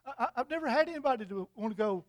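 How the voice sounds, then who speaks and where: A man's voice: very high-pitched, expressive, racing, no room sound, clean studio sound. A man voicing a puzzled soldier who keeps asking, bewildered, what is different about the man beside him. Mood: curious. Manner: baffled, questioning.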